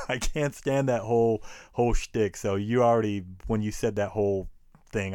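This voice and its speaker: Low-pitched guy griping hard and cussing, dead dry mic, chatting on a podcast. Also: fairly even intonation, moderate pace, darkish tone, clean tone, dry recording. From United States. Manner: blunt, profane ranting. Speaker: podcast host. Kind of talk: casual chat.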